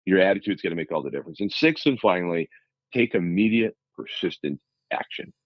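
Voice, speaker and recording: Deep husky motivational man. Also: lively intonation, brisk, no room sound, rough recording. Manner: earnest, motivational, lecturing in numbered steps. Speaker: life coach guest. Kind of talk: radio talk show conversation.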